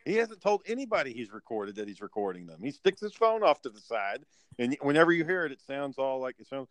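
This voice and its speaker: A man's voice: medium pitch, sing-song, a little fast, no room sound. A man hosting a podcast in casual chat, a profane, rambling storyteller. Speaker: podcast host.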